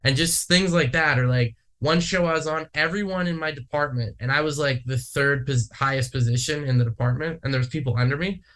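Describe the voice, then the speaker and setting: A man's voice: a little high, brisk, hardly any pauses, fairly bright tone. A man from Manitoba, Canada, chatting casually on a podcast, rambling with lots of fillers and swearing. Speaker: podcast guest. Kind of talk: casual chat.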